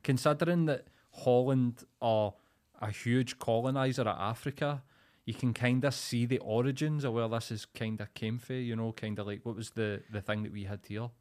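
A Scottish man co-hosting a podcast in casual chat, blunt and quick with short reactions. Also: mid-range voice, fairly even intonation, darkish tone. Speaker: podcast co-host.

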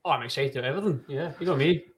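A man's voice: fairly high pitch, racing, slightly rough. A man, co-host of a podcast, with a whiny voice, joking in self-mocking banter in a studio.

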